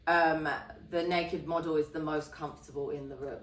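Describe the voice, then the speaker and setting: A woman's voice: sits low, steady tone, normal speed. A woman chatting on a podcast, telling stories animatedly and laughing often. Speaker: podcast conversation partner. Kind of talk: casual podcast chat. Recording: roomy sound from a distant mic.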